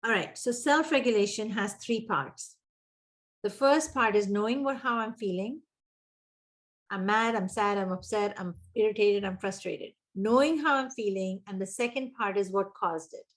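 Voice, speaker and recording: A woman's voice: mid-range voice, moderate pace. An older woman coaching teachers in a webinar, engaging her audience with questions and repeating key words for emphasis. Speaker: early childhood education coach. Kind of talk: webinar presentation.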